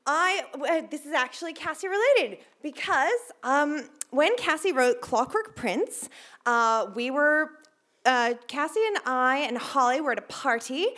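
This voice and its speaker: Brief: woman author, high and very lively voice, jokey storyteller. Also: unhurried. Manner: playful, joking storyteller. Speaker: fellow author on panel. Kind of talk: casual storytelling on stage.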